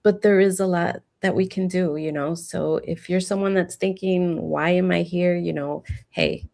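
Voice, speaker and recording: Woman guest with a lowish, gravelly voice, encouraging and conversational. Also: steady tone, normal speed. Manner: encouraging, warm-hearted advice with fillers. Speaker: guest, epilepsy advocate. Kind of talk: casual interview talk.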